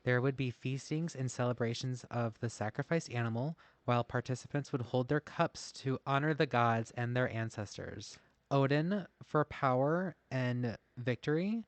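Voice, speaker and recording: A man's voice: medium pitch, moderate pace, dry recording. A man co-hosting a casual podcast, reading notes aloud and often laughing at himself. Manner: self-deprecating, laughs often. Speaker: podcast co-host. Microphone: masked while recording.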